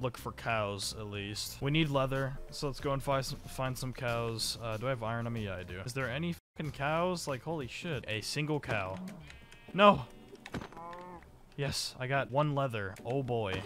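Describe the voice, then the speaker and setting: Profane, excitable young male gaming streamer. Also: medium pitch. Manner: rambling, profane, quick to shout in surprise. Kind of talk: live gameplay commentary.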